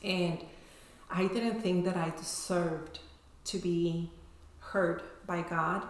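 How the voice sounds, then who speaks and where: A woman's voice: lowish voice, fairly even intonation, takes it slowly. A woman telling her personal story as an interview guest, emotional and often ending sentences with "right?". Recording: echoey room.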